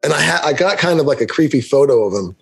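A man's voice: fairly high pitch, animated, fast, vocal fry, breathy edge. A man co-hosting a podcast, telling a long story in casual chat and acting out the quotes with big jumps in his voice. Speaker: podcast co-host.

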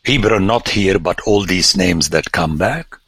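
A man, a priest, giving a lecture on scripture with animated, theatrical emphasis and sudden exclamations. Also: low-pitched, unhurried, slightly rough, dry recording.

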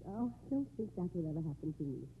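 A woman's voice: lowish voice, very animated, fast, phone-quality sound. An actress playing a gracious woman close to her divorce, in 1950s radio drama style, with a polite, reserved manner. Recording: hissy 1950s radio broadcast.

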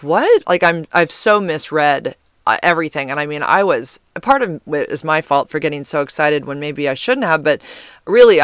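Woman podcast host, casual storytelling, smooth clear voice, dry close sound. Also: low voice, a bit bright, no room sound. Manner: chatty, heavy use of "like" fillers.

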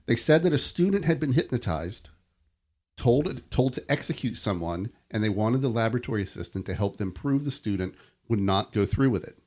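A man's voice: medium pitch, lively intonation, fairly quick, darkish tone. A man co-hosting a podcast, reading creepy stories aloud between casual chat and laughing easily.

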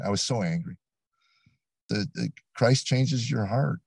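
An older man, a comedian, telling stories in an interview, animated and acting out quotes. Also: mid-range voice, unhurried, creaky, husky, dry recording. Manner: animated storyteller, acts out quotes. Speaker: comedian guest. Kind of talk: storytelling interview. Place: studio set.

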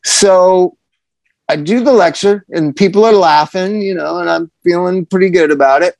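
Guy with a slightly high, raspy voice telling a wild work story, cussing and laughing, super dry sound. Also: normal speed, no room sound. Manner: profane, animated storyteller, laughs often. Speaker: addiction counselor guest. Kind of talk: casual storytelling.

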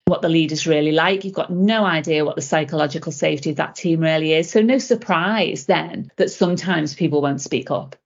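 Animated middle-aged woman, lowish voice. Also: a little fast, hardly any pauses. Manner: animated storyteller, acting out dialogue. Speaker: guest, leadership coach. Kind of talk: conversational interview answers. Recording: dull lo-fi podcast audio.

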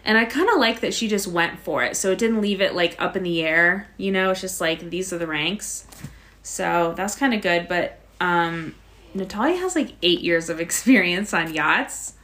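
A woman's voice: lowish voice, normal speed, a bit bright. A woman co-hosting a podcast, casually recapping an episode and filling her talk with "like" and "so". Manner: chatty, narrating events with frequent "like" and "so". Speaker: podcast co-host.

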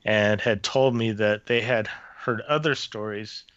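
A man's voice: on the low side, fairly even intonation, a little slow, a bit bright, dry recording, dull audio. A man, a former theme park custodial worker, telling a personal ghost story in a casual interview, with many restarts and fillers.

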